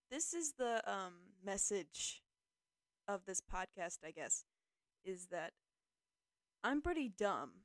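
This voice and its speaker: A young woman talks through her podcast in a loose, rambling way, full of fillers and jokes at her own expense. Her voice is smooth and clear, recorded close and dry with no room sound. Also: medium pitch, dry recording. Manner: rambling, self-deprecating, filler-heavy. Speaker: podcast host. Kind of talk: casual solo podcast talk.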